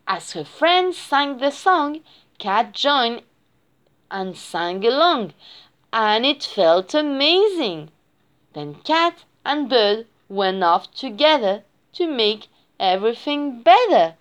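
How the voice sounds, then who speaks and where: A woman's voice: fairly high pitch, sing-song, slow pace, smooth, dull audio. A woman reading a children's picture book aloud in a sing-song storytelling way. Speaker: reader.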